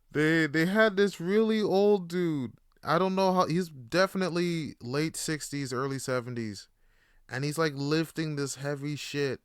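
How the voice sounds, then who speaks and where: A man's voice: a little high, clean tone, dry recording, clean studio sound. Profane young man telling stories. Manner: profane, laughing, animated storytelling. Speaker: podcast host. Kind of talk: casual solo podcast storytelling.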